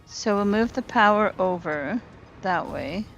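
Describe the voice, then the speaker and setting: A woman's voice: medium pitch, lively intonation, measured pace, vocal fry, lo-fi sound, soft background music. Chatty woman streamer thinking aloud. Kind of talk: casual gameplay chat with viewers. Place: home apartment.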